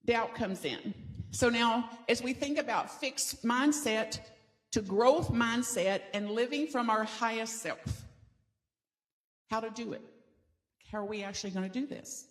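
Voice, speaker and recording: A woman's voice: on the high side, lively intonation, unhurried. A middle-aged woman from the American South preaching a sermon in a church, conversational and playful, inviting the congregation to repeat lines with her. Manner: conversational and playful, leads the congregation in call-and-response. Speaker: pastor. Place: church sanctuary.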